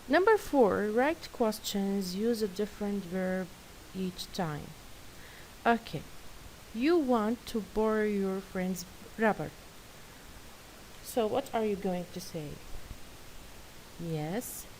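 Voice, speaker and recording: Female teacher, unhurried, encouraging, light hiss on the track. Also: medium pitch, a little mellow, rough recording. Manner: patient, praising, careful and slow. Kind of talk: classroom lesson, reading workbook answers. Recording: faint hiss.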